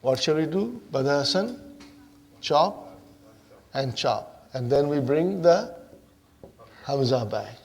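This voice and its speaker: A man's voice: a little high, expressive, takes it slowly, long pauses, darkish tone. A man teaching Arabic grammar in a classroom lesson. He reads Arabic lines aloud, explains them in English and keeps checking in with "huh?" and "are you with me?".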